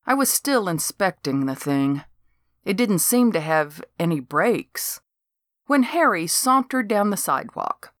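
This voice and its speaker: An older woman narrating a comic novel in first person, with a dry, deadpan delivery. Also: on the low side, measured pace, no room sound. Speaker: audiobook narrator.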